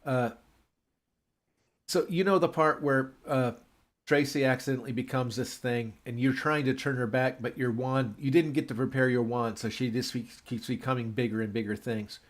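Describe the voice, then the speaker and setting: A man's voice: medium pitch, fairly even intonation, moderate pace. A man in casual chat, rambling through a script recap and acting out characters' lines.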